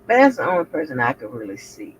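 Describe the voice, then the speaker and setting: A woman hosting a reaction commentary channel, profane and animated, talking back at the clips she plays. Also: sits low, fast talker. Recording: muffled with faint background noise.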